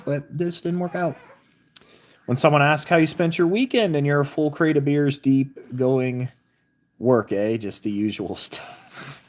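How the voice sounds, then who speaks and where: A woman's voice: extremely low pitch, a little mellow. A woman from southern Missouri with a Southern accent, hosting a casual live stream, chatting with viewers and reading their comments aloud. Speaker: livestream host.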